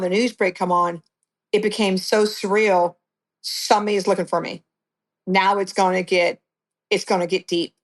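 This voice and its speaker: A middle-aged woman giving a blunt, conversational account of her past as an interview guest. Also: mid-range voice. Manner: blunt, conversational storytelling with restarts.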